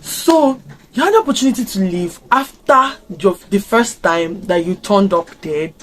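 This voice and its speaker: A young Nigerian-accented woman talking straight to her viewers in a casual reaction vlog. She is expressive and keeps firing off rhetorical questions, at a middle pitch for a woman. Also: slight background noise. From Africa. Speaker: reaction vlogger.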